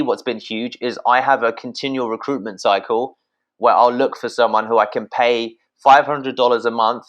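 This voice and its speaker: British guy on a podcast, sweary, punchy sales advice, calls everyone guys. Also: medium pitch. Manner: blunt, swears freely, addresses listeners as guys. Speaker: podcast guest.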